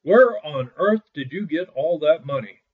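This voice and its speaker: A man voicing a loud, greedy male trader in a folk tale, with a brash calling voice, on a dull lo-fi recording. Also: on the high side, animated, unhurried, slightly rough, voice pushed up. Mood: surprised.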